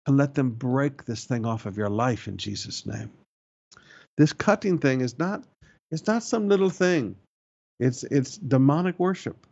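Male pastor, mid-pitched, preaching with emphatic repetition; slightly dull recording. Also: lively intonation, moderate pace, vocal fry, a little mellow. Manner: preaching with emphatic lifts and repeated phrases. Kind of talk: sermon.

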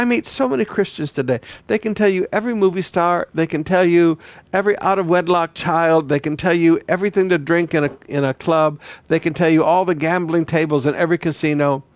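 Male pastor mid-sermon, fairly high voice, dry close sound, stammers and repeats as he presses a point. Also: vocal fry, no room sound. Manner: repeats words, swings between loud declaring and quiet emphasis.

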